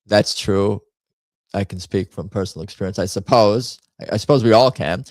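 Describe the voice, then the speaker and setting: A man's voice: lowish voice, normal speed, darkish tone, no echo. A man hosting a casual livestream, rambling through memes with wry asides and frequent restarts. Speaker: host.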